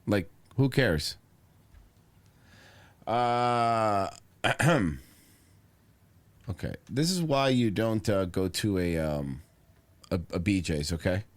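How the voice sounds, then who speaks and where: A man co-hosting a podcast, loud and swearing in crude casual banter. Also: on the low side, very slow, pauses often. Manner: loud, swearing, animated ribbing. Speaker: podcast co-host.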